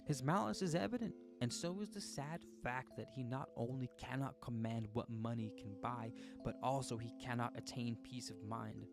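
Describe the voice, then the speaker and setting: A man's voice: mid-range voice, normal speed, gravelly, hardly any pauses. Man, livestream host, reads aloud, chatty and playful, mid-range voice, guitar music in the background. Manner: playful, chatty, joking with viewers. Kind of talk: reading aloud with casual livestream asides.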